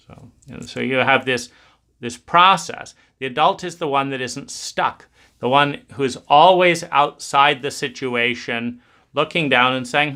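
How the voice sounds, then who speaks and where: Bright-voiced man giving a reflective talk. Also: medium pitch, measured pace. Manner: conversational, musing, acts out inner voices. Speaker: self-help speaker. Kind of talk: reflective spoken talk on adulthood.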